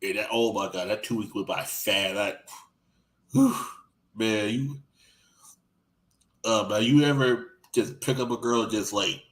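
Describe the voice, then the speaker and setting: A man telling crude stories in casual podcast chat. He rambles with lots of restarts and acts out what others said, swinging loud and soft. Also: on the low side, steady tone, a little slow, pauses often, low-quality recording.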